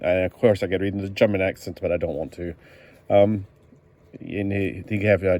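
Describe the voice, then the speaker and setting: A man with a low voice walks through an old comic book in a casual, rambling way. He stops often with fillers and corrects himself as he goes. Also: flat delivery, brisk, darkish tone.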